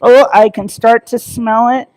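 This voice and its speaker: Slow, chatty woman cooking live. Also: a little high, fairly even intonation, darkish tone. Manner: chatty, rambling, talks to viewers in chat. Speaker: cooking livestream host. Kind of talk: casual live cooking chat. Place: home kitchen.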